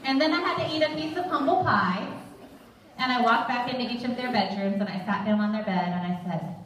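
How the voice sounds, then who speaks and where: A woman's voice: medium pitch, moderate pace, far from the mic, dull audio. An earnest woman teaches in a conversational sermon style. Her voice is set back from the mic, and a very echoey room rings around it. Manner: earnest, conversational, quotes scripture. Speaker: Bible teacher.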